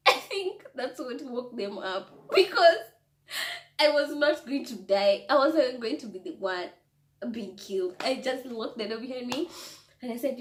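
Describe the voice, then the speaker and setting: A young woman vlogger telling a story in an animated, breathless way, laughing often and restarting her sentences. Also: on the high side. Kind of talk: storytime vlog. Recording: echoey room.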